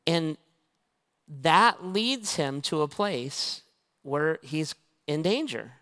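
A man's voice: a little high, animated, extremely slow, bright, forceful tone. A male pastor preaching a sermon, telling stories and acting out both sides of the conversations. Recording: long reverb of a large hall.

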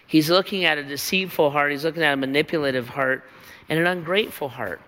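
A man pastor preaches in a church, building his points through emphatic, repeated phrases. His voice sits slightly high, with a bright, forceful tone. Long reverb hangs around every line. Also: fast. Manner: emphatic, repetitive rhetorical cadence. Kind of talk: sermon.

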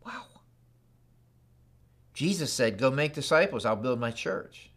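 A man's voice: medium pitch, lively intonation, moderate pace, a bit bright. A man in his fifties preaching a sermon, telling stories in a conversational way and acting out the dialogue. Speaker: pastor.

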